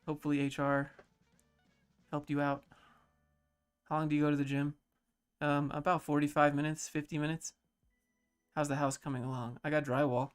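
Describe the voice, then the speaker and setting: A man in his thirties on a casual livestream, reading chat questions aloud and answering them in a low-key, mellow way. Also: level tone, normal speed, pauses often, smooth, faint music behind. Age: 30s.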